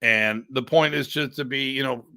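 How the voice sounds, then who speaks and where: A middle-aged American man, a podcast host and martial arts instructor, telling stories in an animated, blunt, joking way and acting out quoted exchanges. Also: moderate pace, dry recording, studio quality. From United States. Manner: animated, acts out quoted exchanges with pitch jumps; rambling with restarts, blunt and joking. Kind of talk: casual storytelling chat.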